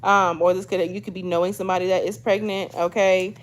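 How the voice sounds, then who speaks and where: Briskly and with little pitch movement, a fairly low-voiced woman in her 20s reads tarot to camera. She keeps it chatty and casual, frequently adding "okay?" and addressing her audience as "y'all."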